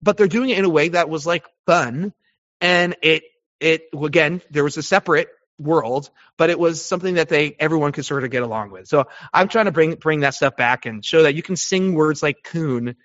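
A man's voice: on the high side, moderate pace, a bit bright, no echo. A man talking as a guest over a video call, blunt and profane, often restarting his sentences. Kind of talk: casual conversation. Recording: dull lo-fi call audio.

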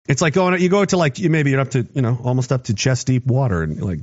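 A man's voice: medium pitch, quick pace, a little mellow, lo-fi sound. A man in his thirties in a rambling, sarcastic casual monologue, swearing and laughing often. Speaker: commentator.

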